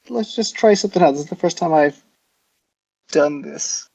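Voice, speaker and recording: A man playing a tabletop role-playing game, casually describing his hero's moves in a halting, rambling way full of fillers. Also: on the high side, creaky, a little mellow. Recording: dull lo-fi audio.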